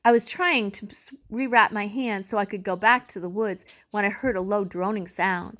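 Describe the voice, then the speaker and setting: A woman reading a novel aloud, telling the story in an expressive, measured way. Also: mid-range voice. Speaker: reader.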